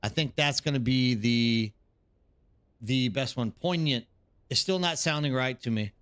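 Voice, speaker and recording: A tired male live streamer talks casually into his streaming mic, rambling from thought to thought and answering chat by name. His voice sits at an ordinary middle pitch, smooth and fairly bright, at a moderate pace. The sound is dry and close, with no room around it.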